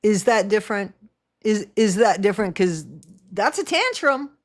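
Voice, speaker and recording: A woman host giving reaction commentary in a blunt, sarcastic way. Her voice sits at a middle pitch, and she talks with animation. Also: expressive, moderate pace. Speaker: channel host.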